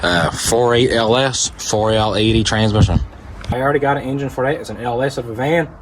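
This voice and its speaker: A man's voice: mid-range voice, a little fast, background noise. A man with a Newfoundland accent chatting casually in a vlog about flipping cars, plain-spoken with dry humour. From Newfoundland, Canada. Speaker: car-flipping YouTuber.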